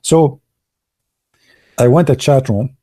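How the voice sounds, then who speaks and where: A man whose first language is Arabic, telling stories casually in broken English, excitable and laughing at his own jokes. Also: mid-range voice, slow. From Arab world. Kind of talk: casual storytelling monologue.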